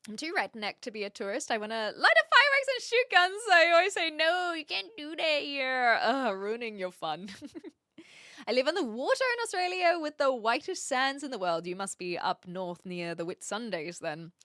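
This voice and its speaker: A Twitch streamer with a light New Zealand accent chats casually with her live chat from her home streaming room, speaking into a stand mic. She's giggly and self-mocking, with a high, very animated, brisk and sharp voice. The recording is clean studio sound with no room sound at all.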